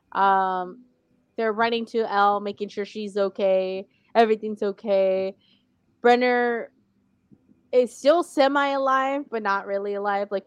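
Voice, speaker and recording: A woman in a casual podcast chat, recapping in a relaxed, chatty way. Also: mid-range voice, clear, resonant tone, no room sound. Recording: dull dry sound.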